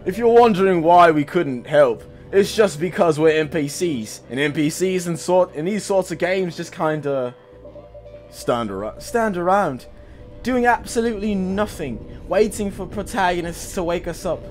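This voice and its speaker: A man's voice: high voice, animated, measured pace, soft background music. A man voicing a self-aware video game NPC, theatrical and pompous. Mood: grandiose.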